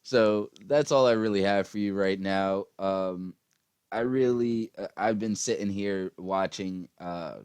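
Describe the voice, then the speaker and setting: A man's voice: lowish voice, a little slow, darkish tone, clear, resonant tone, no echo. A man ranting casually about politics, profane and rambling with lots of fillers, tired after a long day. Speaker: political commentary vlogger.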